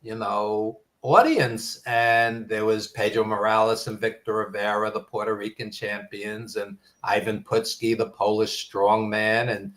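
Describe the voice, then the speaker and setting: An older man with a Brooklyn accent, from New York, guests on a podcast, rambling casually through nostalgic memories with many ums. He speaks unhurriedly with few pauses, in a low-ish, fairly even and slightly bright voice.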